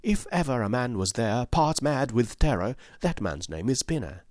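A man voicing a sharp male detective who speaks in a hushed, quick, questioning voice. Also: mid-range voice, sing-song, no echo, clean studio sound, voice pushed up, close to an everyday voice.

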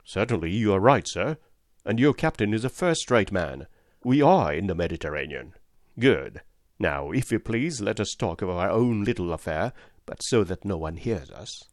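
A man voicing a blunt, restless Canadian harpooner in a storybook reading, plain-spoken and gruff. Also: on the low side, animated, moderate pace, no room sound, studio quality, close to an everyday voice.

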